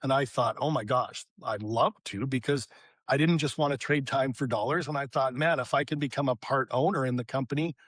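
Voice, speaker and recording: A middle-aged man with a Canadian accent, a podcast guest telling his life story in an animated, storytelling way. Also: medium pitch, fairly quick, breathy edge, no echo. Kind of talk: storytelling interview.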